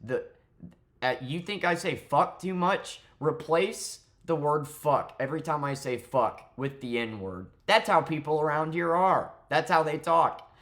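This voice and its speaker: A man's voice: on the high side, measured pace, a bit bright. A young man, delivering a heated, profane, sarcastic political rant straight to camera. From southern United States. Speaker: vlogger.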